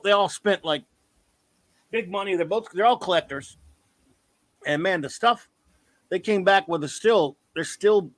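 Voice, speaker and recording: A man hosts a casual live-stream chat in a rambling, excitable way, often backtracking to fix his words. His voice sits fairly high. The sound is dry and close. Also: no echo. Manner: rambling, self-correcting, excitable. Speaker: podcast host.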